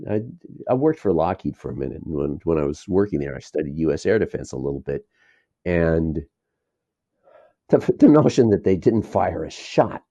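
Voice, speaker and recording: A man's voice: a bass voice, animated, moderate pace, dark tone, no echo. A man being interviewed as a documentary filmmaker, talking in a rambling, digressive way and chuckling between thoughts. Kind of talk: casual interview talk. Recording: dull lo-fi dry sound.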